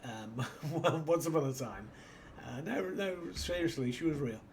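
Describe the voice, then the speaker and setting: A man's voice: mid-range voice, expressive, a little slow, a little mellow, a little hiss or hum. A British man hosting a casual let's-play, rambling through an anecdote and muttering to himself as he plays. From Britain. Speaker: gaming channel host.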